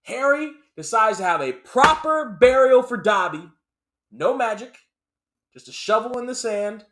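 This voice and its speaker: A man giving a casual movie review, animated and emphatic, often repeating lines for effect. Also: very high-pitched, unhurried.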